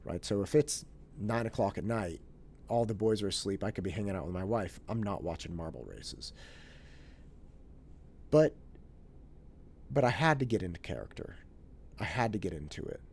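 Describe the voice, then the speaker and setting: An animated man in his thirties telling a story in a casual monologue, with a mellow, relaxed tone. His voice rises and falls widely as he acts out bits of dialogue and repeats himself on the way to his point. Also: on the low side, normal speed, vocal fry, pauses often, slight background noise. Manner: animated, acts out family dialogue, restarts and fillers. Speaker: podcast host.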